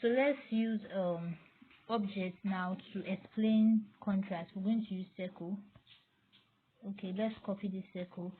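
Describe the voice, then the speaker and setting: Here a woman explains graphic design step by step while working on screen, in the style of a screen-recorded tutorial. She speaks at a measured pace in a mid-range voice, and the recording has a thin, phone-like quality with a little background noise.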